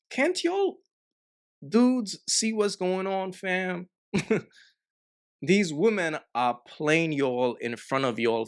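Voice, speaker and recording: A man hosts a reaction video and talks to his viewers in a slow, drawn-out way. His pitch leaps high and drops low as he makes his points. His delivery is emphatic and full of slang. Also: fairly bright tone. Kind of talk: casual reaction commentary.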